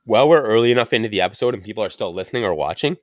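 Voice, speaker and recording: A man's voice: on the low side, expressive, rapid-fire, no room sound, clean studio sound. A young adult man hosting a casual cigar podcast, rambling and joking crudely as he tells stories. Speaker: podcast host.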